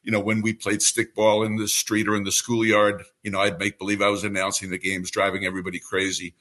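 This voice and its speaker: A man in his seventies from New York City, a veteran baseball radio broadcaster telling stories as an interview guest in a smooth trained announcer delivery. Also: fairly low pitch, fast. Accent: New York, mostly trained away. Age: 70s. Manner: relaxed anecdotal storyteller with a polished announcer delivery. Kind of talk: storytelling interview answer.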